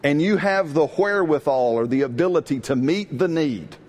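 A middle-aged man preaching a sermon in a lively, conversational way, often asking his congregation questions. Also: a little high, normal speed. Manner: animated, call-and-response with congregation. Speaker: pastor.

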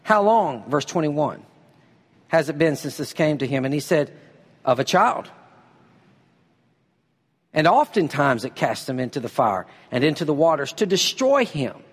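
High-voiced preaching man in a hall. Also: big pitch swings, slightly rough. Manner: emphatic preaching, reads scripture slowly, uses a volunteer for a demonstration. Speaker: pastor. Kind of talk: sermon.

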